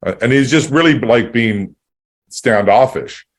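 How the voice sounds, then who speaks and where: A man's voice: mid-range voice, animated, measured pace. A man hosting a podcast, chatting casually and telling a rambling story with many restarts, acting out both sides of a conversation. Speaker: podcast host.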